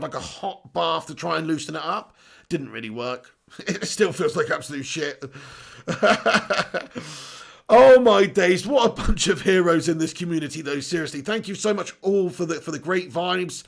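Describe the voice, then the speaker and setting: A high-pitched man hosts a live stream, his voice gravelly with creak. He talks in an excitable, laughing way, full of swearing banter as he reads out viewers' messages.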